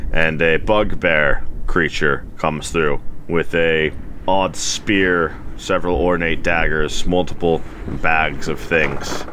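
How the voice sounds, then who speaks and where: Deep-voiced deadpan male player. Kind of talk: tabletop game play. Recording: background noise.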